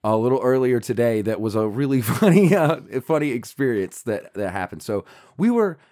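A man's voice: mid-range voice, moderate pace. A man casually retelling a funny mishap with his partner, acting out buzzing sounds. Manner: animated, acts out buzzing sounds. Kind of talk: casual storytelling chat.

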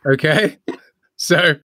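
A man's voice: on the high side, bright, forceful tone, dry recording, clean studio sound. A man co-hosting a podcast, running a music quiz and giving rambling clues with a laugh. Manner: jokey, laughs often, gives rambling clues. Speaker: podcast co-host and quizmaster. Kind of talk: casual quiz chat.

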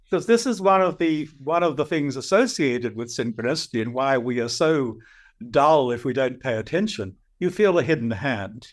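An older man with an Australian accent, a guest telling animated stories and acting out voices. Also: medium pitch. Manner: lively anecdotal storyteller, acts out voices. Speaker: guest, dream teacher. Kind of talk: animated storytelling.

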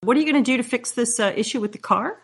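A woman running a tabletop horror game as game master, narrating scenes in calm, descriptive second person. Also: a little high, very fast, vocal fry, breathy edge.

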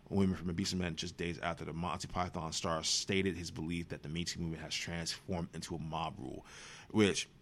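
A man's voice: deep voice, fairly bright tone. A man hosting a podcast, giving profane, sarcastic commentary on movie news. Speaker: podcast host.

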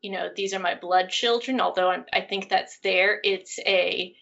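A woman co-hosting a casual podcast, talking through a film in thoughtful, animated analysis. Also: medium pitch, normal speed, gravelly. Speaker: podcast co-host. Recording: dull lo-fi audio.

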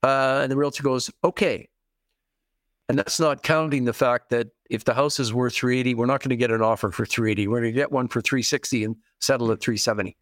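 A man in an interview walks through a real estate scenario at a mid pitch, repeating his key points. The sound is dry and close. He acts out the voices of the people in his examples. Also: fairly even intonation, quick pace, few pauses, no echo. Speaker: real estate investing guest expert. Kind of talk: interview, explaining with worked examples.

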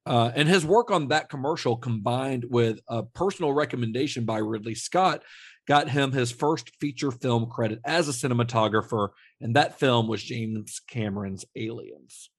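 Medium-pitched, moderately paced and slightly rough, this male co-host's voice comes through clean studio sound with no room sound. He rambles about film trivia in a relaxed, casual way, often using fillers and restarting.

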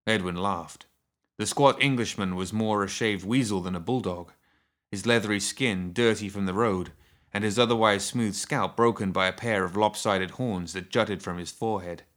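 Low-voiced man narrating a story. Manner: steady, measured reading.

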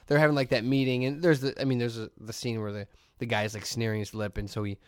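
A man co-hosting a podcast, joking in casual chat and tossing in quick mock voices. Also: medium pitch, flat delivery, no room sound, studio quality. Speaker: podcast co-host.

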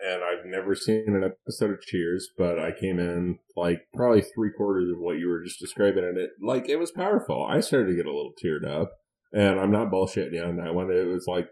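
Low-voiced guy chatting easy, joking around with his cohost. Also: a little fast, a little mellow, poor audio. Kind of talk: casual chat.

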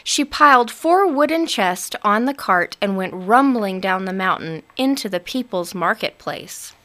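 A woman narrating a storybook aloud in an expressive, unhurried manner. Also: medium pitch.

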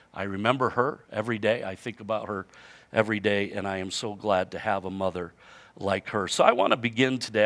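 A man's voice: mid-range voice, a bit bright. A middle-aged man preaching a sermon in a conversational way, repeating words and building to emphatic points. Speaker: pastor.

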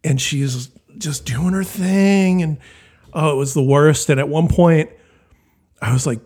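A man's voice: on the high side, animated, a little slow, darkish tone. A man co-hosting a podcast in casual chat, laughing often and trailing off into restarts. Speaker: podcast co-host.

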